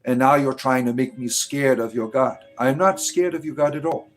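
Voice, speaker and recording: Hosting a casual livestream, a man fires back at his chat sarcastically and scornfully. He talks at normal speed in a mid-range voice, with faint music behind.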